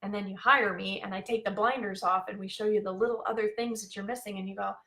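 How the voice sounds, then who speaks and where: A woman's voice: mid-range voice, fairly even intonation, fast, sharp tone. A woman life coach talking live to her viewers in a bubbly, chatty way, with many fillers. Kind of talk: live-streamed coaching talk.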